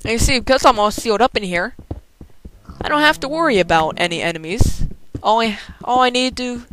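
A man's voice: very high voice, lively intonation, a little fast, sharp tone, slight background noise. A man giving casual gameplay commentary as a let's play host, rambling and joking as he chats to the animals in his game, often restarting his sentences. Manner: frequent restarts and stumbles.

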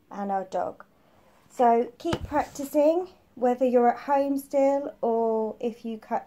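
A woman's voice: a little high, mellow. A woman preschool teacher giving a phonics lesson to young children, patiently repeating each letter sound.

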